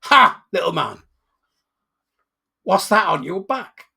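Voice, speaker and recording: Bloke putting on a loud, high, rasping graveyard devil, cruel and teasing in a told joke. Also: male voice, sing-song, slow, full character voice. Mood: taunting. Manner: taunting, shouted jeers. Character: mocking male devil lurking in a graveyard.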